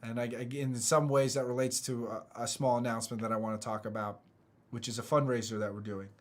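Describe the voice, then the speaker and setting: A man from the United States, a motivational speaker, talking casually online in an earnest, halting way with many restarts. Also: medium pitch, little pitch movement.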